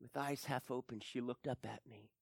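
A man performing a dramatic first-person monologue, swinging between hushed whispers and anguished cries. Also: mid-range voice, fairly even intonation, moderate pace, vocal fry, dry recording, studio quality. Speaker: storyteller.

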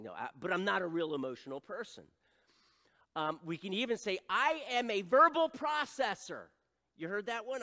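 A middle-aged male pastor preaching an animated sermon, acting out voices and adding self-deprecating asides. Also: a little high, big-room sound.

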